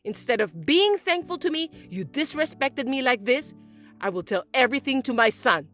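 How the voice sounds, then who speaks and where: A woman voicing a spiteful middle-aged mother-in-law who scolds and complains loudly in an animated text story. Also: sits high, normal speed, faint music behind. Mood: scolding. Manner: accusing, loud, whiny.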